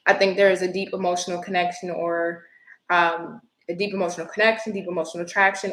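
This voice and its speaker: A woman doing a live-stream tarot reading, chatty and expressive, greeting viewers by name. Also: on the low side, roomy sound, low-quality recording. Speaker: tarot reader.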